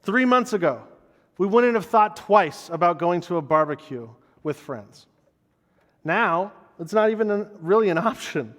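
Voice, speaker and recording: A man's voice: sits high, animated, unhurried, fairly bright tone, long reverb tail. A man preaching a conversational sermon as pastor, earnest and personal, often repeating words as he restarts a thought.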